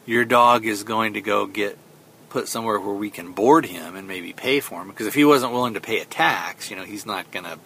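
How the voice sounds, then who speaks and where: A man with a lowish voice and a bright, forceful tone, retelling a movie's story in a loose, rambling way. He keeps stopping on fillers and acts out what the characters say. A faint rumble sits under the recording. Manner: rambling, retells scenes with quoted lines, many fillers. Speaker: podcast host. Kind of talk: casual film review recap.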